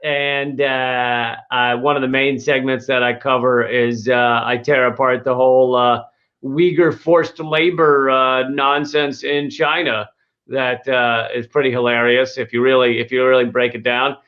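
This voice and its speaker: A man's voice: medium pitch, flat delivery, measured pace. A man hosting a casual comedic chat, rambling with many fillers, restarts and laughs. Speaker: podcast host. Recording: dull lo-fi sound.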